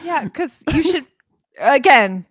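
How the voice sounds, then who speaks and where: A woman's voice: high voice, big pitch swings, takes it slowly, a bit bright, dry recording, studio quality. A woman co-hosting a podcast, recapping a film in casual, sarcastic chat, swearing freely and acting out the characters' lines. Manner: sarcastic, swears a lot, acts out quotes. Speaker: podcast co-host.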